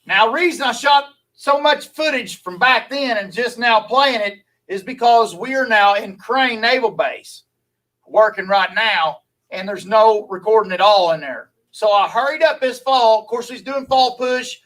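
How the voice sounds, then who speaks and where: A man's voice: high-pitched, a little slow, a bit bright, distant mic, rough recording. A man from Louisiana with a Southern accent, chatting folksily with viewers on a live stream, rambling and laughing easily.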